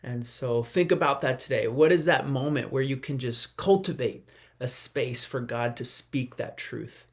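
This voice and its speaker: A pastor delivers a brief devotional in an earnest, conversational tone. The voice sits at a middle pitch. Quoted lines get a lifted, acted-out delivery. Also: a little slow. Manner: parent sharing a family example. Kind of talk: short devotional message.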